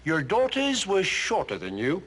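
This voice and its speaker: A man's voice: high voice, wildly swooping pitch, a little slow, over music, exaggerated voice. A man doing a hammy Cockney showman. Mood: showy. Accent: put-on Cockney. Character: showman reciting silly rhyming poems.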